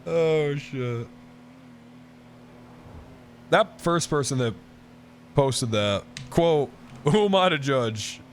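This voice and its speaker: Male streamer, unhurried casual chat, slightly high bright voice, profane and quick to laugh. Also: expressive, slight background noise. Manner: profane, laughing often, quick to mock outrage. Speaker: livestreamer. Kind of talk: casual livestream chat with viewers.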